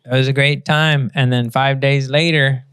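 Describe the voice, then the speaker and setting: A man's voice: mid-range voice, moderate pace, clear, resonant tone, dry recording. A man hosting a podcast, telling a story in a casual, profane way and acting out the other people in it. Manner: profane storyteller, lively retelling with put-on voices. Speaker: podcast host. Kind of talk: casual chat.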